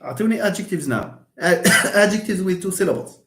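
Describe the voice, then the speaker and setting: An English teacher talks through a live online lecture at a middle pitch, patient and chatty. The voice draws words out slowly and breaks into easy laughs. The sound is roomy, with the echo of a bare space around it. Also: lively intonation, a bit bright. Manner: laughs often and answers students by name.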